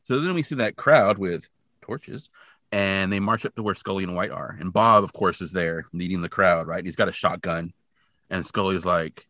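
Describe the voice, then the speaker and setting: A man's voice: deep voice, moderate pace, sharp tone, dry recording. A man co-hosting a podcast, recapping scenes with dry joking asides. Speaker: podcast co-host. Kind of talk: casual recap chat.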